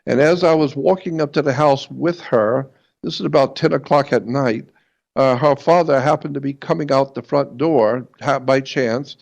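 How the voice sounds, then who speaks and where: A man in an interview telling a personal story in a halting way, repeating words and slowing down for emphasis, on a dull lo-fi recording. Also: medium pitch, gravelly, darkish tone. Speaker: guest.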